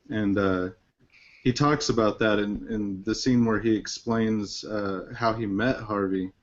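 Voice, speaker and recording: A man hosting a casual film discussion, rambling with lots of fillers and restarts. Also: on the low side. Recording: dull lo-fi recording.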